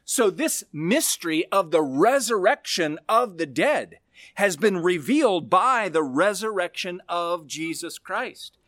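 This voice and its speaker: A male pastor preaching a sermon, expressive, with slow, emphatic stresses on key words. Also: high-pitched, no room sound, studio quality.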